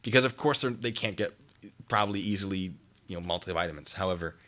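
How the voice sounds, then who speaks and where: A man's voice: low-pitched, fast talker, sharp tone. A man chatting casually with his stream viewers while packing care kits, joking and teasing himself. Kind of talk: casual live-stream chat.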